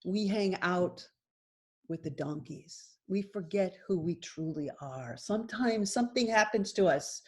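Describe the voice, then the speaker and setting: A woman's voice: lowish voice, unhurried. A middle-aged woman teaching yoga teachers in a workshop setting. She talks casually and animatedly, slipping into storytelling with energy.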